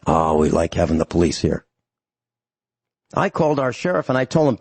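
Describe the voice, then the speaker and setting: A man's voice: low voice, big pitch swings, moderate pace, gravelly, darkish tone, slightly rough, dry recording. A man hosting a talk radio show, ranting angrily and emphatically to his listeners.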